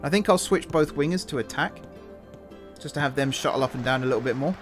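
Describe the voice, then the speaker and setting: A young man giving relaxed, chatty commentary over a football management game, thinking aloud between match calls. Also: mid-range voice, quick pace. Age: young adult. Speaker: gaming YouTuber and streamer. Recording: game music playing under the voice.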